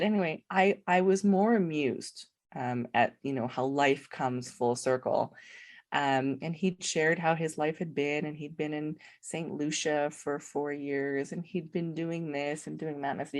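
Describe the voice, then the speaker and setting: A woman's voice: low-pitched, little pitch movement, a little slow. A middle-aged woman, a podcast guest, telling her story in casual conversation, acting out quoted dialogue and laughing often.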